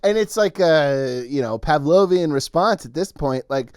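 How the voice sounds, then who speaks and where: A man co-hosting a comedy podcast, telling a crude story in a casual, animated way with frequent laughter. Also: on the high side, unhurried, smooth, no room sound, studio quality. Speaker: podcast co-host.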